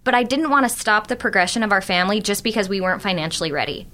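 A woman's voice: medium pitch, animated, racing, bright, forceful tone. A woman in her late twenties, a podcast guest talking candidly and emphatically about raising her kids. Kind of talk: casual chat.

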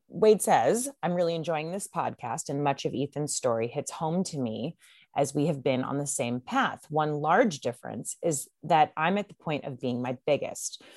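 Woman, podcast co-host, deep voice, agreeable and giggly, dry close sound. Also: dry recording. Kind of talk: casual podcast chat.

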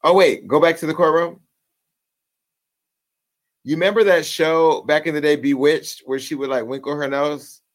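A man hosting a talk show in casual chat, joking and cursing through rapid banter. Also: on the high side, steady tone.

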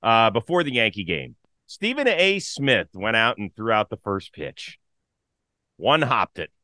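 A man hosting a baseball talk show, upbeat and lively in casual chat. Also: lowish voice, measured pace, dry recording. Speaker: host.

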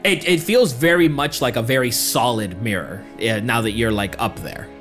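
A man's voice: medium pitch, fairly bright tone, faint music behind. Male game master narrating dramatically. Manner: slow, dramatic scene-setting.

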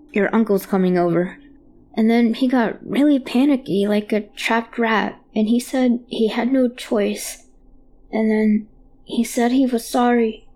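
A woman with a soft, mellow tone tells a creepy first-person tale. She talks in halting, hushed phrases, like a frightened child trying to explain, and often stumbles over her own words. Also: on the high side. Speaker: storyteller. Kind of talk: first-person horror story narration.

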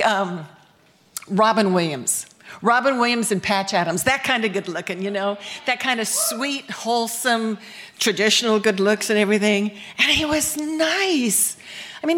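A woman from the United States, her voice medium-pitched and a bit bright, tells a bawdy personal story on stage. The live storytelling performance is candid, and she laughs as she goes.

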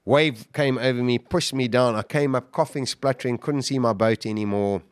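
A middle-aged man recounts his story as a podcast guest with gripping intensity, acting out his own words as he goes. His voice sits at an ordinary pitch. He is recorded dry and close on the mic. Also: normal speed, smooth, dry recording. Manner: animated, vivid retelling with acted-out quotes.

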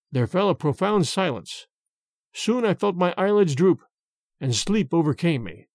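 A man narrating a story in a measured, expressive way. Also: sits high, no room sound, studio quality. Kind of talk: storytelling reading.

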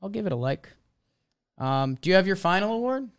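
A man's voice: high voice, sing-song, brisk, clear, resonant tone, no room sound, studio quality. Laid-back, wry man. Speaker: podcast co-host. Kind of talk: casual sports chat.

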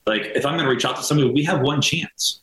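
A man's voice: medium pitch, racing, a bit bright, echoey room, low-quality recording. An American man, a veteran, talking in a heartfelt, rambling way with many fillers and restarts. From United States. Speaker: veteran and nonprofit co-founder, guest. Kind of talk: casual earnest interview talk.

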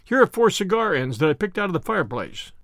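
Man playing a hearty inspector, brisk, plain-spoken, high, lively. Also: no echo, clean studio sound, heavily acted. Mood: matter-of-fact. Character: hearty male police inspector, matter-of-fact.

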